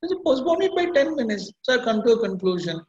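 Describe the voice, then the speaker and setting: A man's voice: extremely high pitch, very animated, quick pace. A middle-aged man, teaching meditation in an earnest, self-questioning way, with rhetorical questions. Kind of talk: reflective spoken teaching. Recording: echoey, dull lo-fi room sound.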